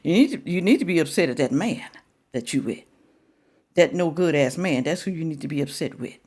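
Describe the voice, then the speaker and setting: A woman with a low, darkish, expressive voice hosts a reaction video at a brisk clip. She scolds and lectures her audience, saying things more than once to drive them home.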